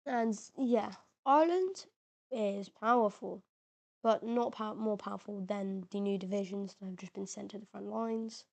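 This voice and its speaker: A woman's voice: medium pitch, unhurried, creaky. A woman giving casual, slangy commentary over a map game, chatty and informal with lots of fillers and the odd voice crack. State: occasional voice cracks. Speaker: mapping video narrator.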